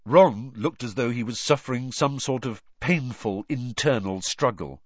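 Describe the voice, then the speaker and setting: A man narrating an audiobook in an expressive, animated reading. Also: medium pitch, a little slow, dry recording, muffled recording.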